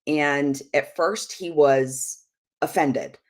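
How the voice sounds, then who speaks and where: This woman's deep voice stretches out her words as she recounts a personal story about marriage before a Christian ministry audience. The live-show telling is loose and frank, with plenty of "like" and "you know."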